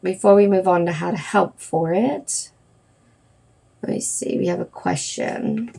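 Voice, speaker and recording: A woman's voice: on the low side, normal speed, creaky, dark tone, husky. Rambling woman hosting a wellness livestream. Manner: rambling, with many fillers and self-corrections. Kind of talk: casual livestream talk.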